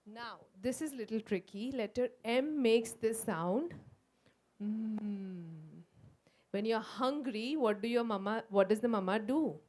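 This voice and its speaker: A woman with an Indian English accent leading a phonics workshop for teachers, slowly sounding out letters in a coaxing, sing-song way. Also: fairly high pitch, a little mellow. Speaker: teacher trainer. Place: school workshop room.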